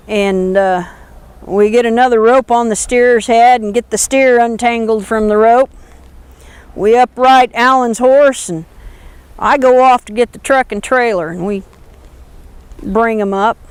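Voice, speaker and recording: A woman telling a story in a folksy, animated spoken manner. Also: a little high, smooth, no echo.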